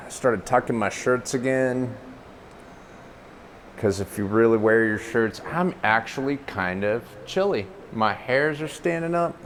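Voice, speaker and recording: A man chats slowly and casually on a live stream, his voice close and clear from a clip-on mic at home. He rambles and pokes fun at himself between asides to his pets. A faint hiss sits under the recording. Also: fairly low pitch, fairly bright tone. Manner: rambling and self-mocking, talks to his cats. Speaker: livestreamer. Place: at home indoors. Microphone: clip-on lapel mic.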